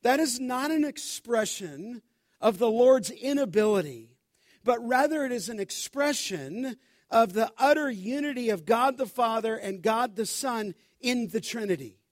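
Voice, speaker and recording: A man preaching an expository sermon, emphatic, slowing down to stress each scripture quote and calling listeners "beloved". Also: very high voice, animated, dry recording, studio quality. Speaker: pastor.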